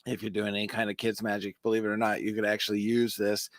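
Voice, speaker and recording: A man's voice: on the low side, little pitch movement, fast, dry recording, studio quality. A man co-hosting a casual chat show about magic, explaining tricks step by step and counting aloud. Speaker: podcast co-host.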